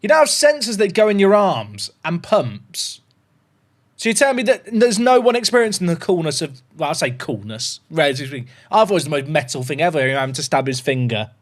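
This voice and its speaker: A man chatting casually on a gaming livestream, excitable and rambling. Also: fairly high pitch, fairly quick.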